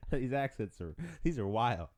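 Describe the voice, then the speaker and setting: A man's voice: mid-range voice, expressive, unhurried, a little mellow. A man hosting a podcast on his own, joking and rambling in casual chat. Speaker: podcast host.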